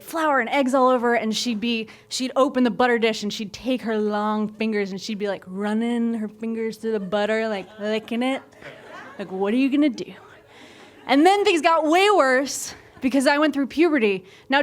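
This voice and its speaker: A young woman tells a funny true story on stage in a candid, animated way, and she slips into the voices she quotes. Her voice sits a little high. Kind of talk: live comic storytelling. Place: stage before a live audience.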